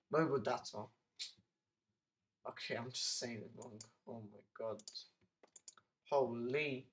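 A young British man chats casually on a live stream, rambling, restarting sentences and breaking into sudden exclamations. His voice is medium-pitched and the recording is rough.

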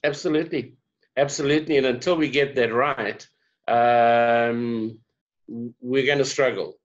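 A South African man speaking as a guest in a conversational interview, an animated storyteller. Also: mid-range voice, a little slow. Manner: animated storyteller, laughs often. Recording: dull lo-fi sound.

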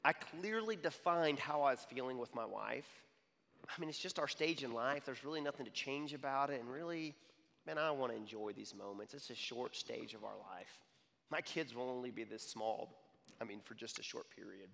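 A man in his thirties giving a conversational sermon to young adults, animated and checking in with the crowd. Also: medium pitch, moderate pace, gravelly. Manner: animated, repeats "okay?" to the crowd. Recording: long hall reverb.

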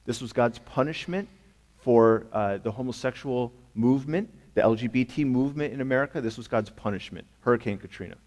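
Here a pastor preaches briskly, his medium-pitched voice carrying a darkish tone through a reverberant church sanctuary. The sermon is conversational and emphatic, punctuated by rhetorical questions.

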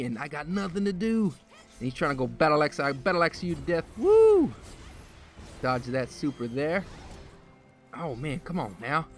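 Bright, excitable man commentating gameplay. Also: a little high. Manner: excitable, loud outbursts during play. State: a little out of breath. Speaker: gaming video host.

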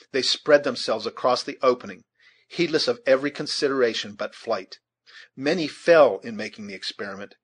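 A man narrating an audiobook in a measured, steady storytelling manner, with a husky voice. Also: mid-range voice.

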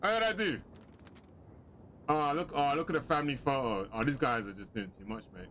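A man giving chatty, excitable let's-play commentary with joking asides. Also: medium pitch, fairly quick, slight background noise. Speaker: gaming commentator.

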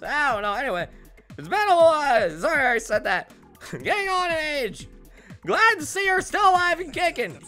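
A man's voice: very high-pitched, bright, forceful tone, pitched above the performer's own voice, exaggerated voice. A man voicing a cheerful elderly male squid captain, reading the game's dialogue aloud in a jovial, rambling way. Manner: jovial, rambling, self-mocking about age.

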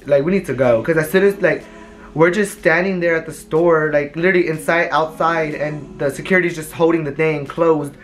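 Showing off new buys at home, this young adult vlogger keeps things casual, rambling and animated as the stories come out. The pitch sits in the middle and the speed is normal, with faint music underneath.

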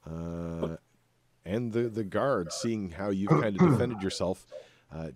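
A man running a tabletop game as game master, narrating in a relaxed way with many filler uhs. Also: low voice, measured pace, crowd noise.

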